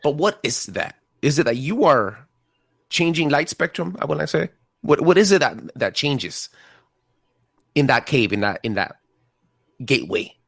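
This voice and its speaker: A man hosting a casual interview show, animated and stumbling over his words as he asks questions. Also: medium pitch, normal speed, creaky, pauses often, no echo, studio quality. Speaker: podcast host.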